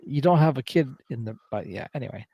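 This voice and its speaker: An easygoing man co-hosting a podcast, laughing and dropping in short reactions as the talk goes on. His voice has an average pitch for a man. It is recorded close and dry. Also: lively intonation, fast talker, mellow, husky, dry recording. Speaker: podcast co-host. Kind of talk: casual chat.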